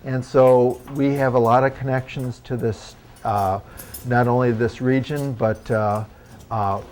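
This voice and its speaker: A man's voice: mid-range voice, steady tone, a little slow, a little mellow, slight background noise. An older man with a Northwest Ohio accent, talking to a meeting audience in a chatty, folksy way with small jokes. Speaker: guest speaker, historical re-enactor. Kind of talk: casual talk to an audience. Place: hotel meeting room.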